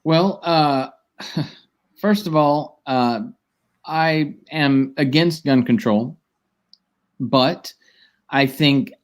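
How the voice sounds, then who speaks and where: Man, stream guest, casual chat, measured, hesitant fillers. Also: on the high side.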